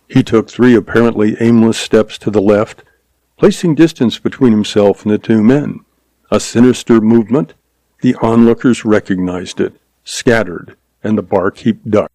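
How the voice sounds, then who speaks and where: A man reading a western story aloud as scripted narration, with measured, dramatic storytelling. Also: on the low side, mellow, no echo.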